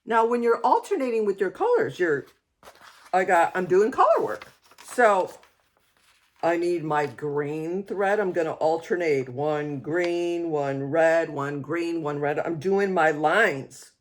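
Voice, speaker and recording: A woman hosting a knitting show, chatting casually and telling an animated story full of fillers and restarts. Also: fairly low pitch, takes it slowly. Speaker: knitting podcast host. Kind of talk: casual chat.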